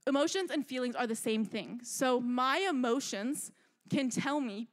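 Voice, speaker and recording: Lively young woman giving a youth sermon. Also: a little high, moderate pace. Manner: animated, chatty, asks "right?" a lot. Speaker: youth speaker.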